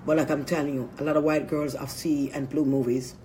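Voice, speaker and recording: A woman's voice: deep voice, level tone, a little fast, mellow, a little hiss or hum. Rambling, crude woman vlogger. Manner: rambling, crude, breaks into frequent laughter. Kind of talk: rambling casual monologue to camera.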